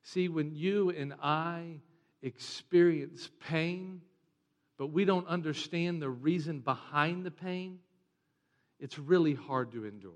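A man preaching a sermon as pastor, animated and joking, sometimes mimicking whiny voices. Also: fairly high pitch, slow pace. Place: church sanctuary. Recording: long reverb of a large hall.

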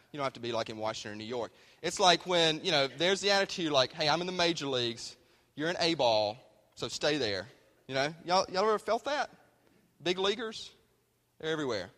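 A man's voice: mid-range voice, fairly bright tone. A man preaching a sermon in a folksy, conversational way. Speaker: pastor. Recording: hall reverb.

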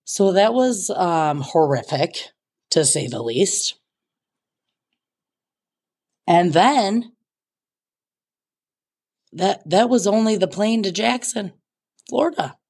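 Animated sweary woman telling a story. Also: mid-range voice, takes it slowly, creaky, pauses often, slightly rough. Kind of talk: casual storytime monologue.

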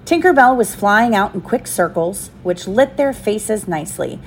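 A woman's voice: mid-range voice, lively intonation, normal speed, slight background noise. A woman reading a children's storybook aloud to her child, lifting her voice for the characters' lines.

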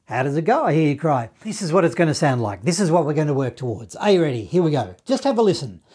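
A man teaching a saxophone lesson, walking through the notes in a relaxed, encouraging way and scatting the phrases. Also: a little high, quick pace. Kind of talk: online music lesson.

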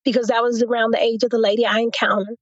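A woman's voice: a little high, quick pace, dry recording, lo-fi sound. A woman guest in an interview, telling a personal testimony and acting out what others said to her. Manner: storytelling, quotes others in a lively retelling.

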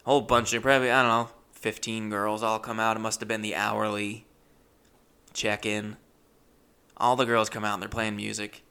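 A man's voice: on the low side, little pitch movement, moderate pace, gravelly, bright, forceful tone, clean tone. A man telling a rambling, awkward, self-deprecating comic story with many restarts. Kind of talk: stand-up storytelling.

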